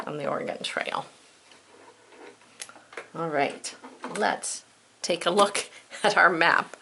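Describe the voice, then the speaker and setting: A woman teacher talks young pupils through a spelling worksheet in a playful, encouraging way, slowing down to sound out each letter. Her voice sits a little low but has a bright, forward tone. A gravelly fry runs through it. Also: a little hiss or hum. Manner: upbeat, playful, encouraging, sounds words out slowly. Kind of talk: children's spelling lesson.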